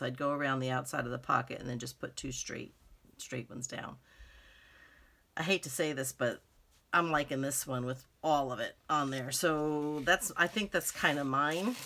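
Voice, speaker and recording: Low gravelly woman chatting over crafts. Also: pushed and bright. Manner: rambling, thinks aloud with many fillers. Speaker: craft channel host. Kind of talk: casual crafting tutorial chat.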